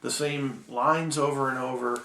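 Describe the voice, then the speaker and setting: A man giving a recorded Bible-school lecture, measured and full of ums and restarts, slowing down to read poems aloud. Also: mid-range voice, fairly even intonation, vocal fry, a bit bright, echoey room.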